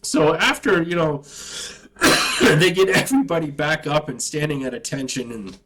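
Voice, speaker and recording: High-voiced man telling an army story. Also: normal speed, rough recording. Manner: profane, animated retelling. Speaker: army veteran. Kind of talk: casual storytelling.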